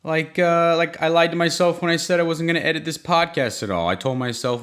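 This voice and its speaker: A man hosting a comedy podcast, telling self-mocking stories in a rambling way, with sudden jumps in pitch. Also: brisk, hardly any pauses, a bit bright. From United States. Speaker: podcast host. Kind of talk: comedic solo monologue.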